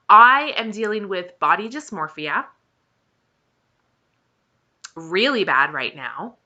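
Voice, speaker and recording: Earnest, slow-speaking woman. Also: medium pitch, animated, sharp tone, highs cut off. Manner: earnest and encouraging, stressing points by repeating them. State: emotional, close to tears. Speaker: vlogger sharing her weight-loss journey. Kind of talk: heartfelt personal talk to camera.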